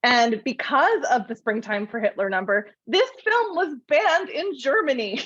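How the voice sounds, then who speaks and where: A woman podcast host in casual chat, telling film trivia in a lively storytelling way with frequent laughs. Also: high-pitched, measured pace, slightly rough, dry recording, muffled recording.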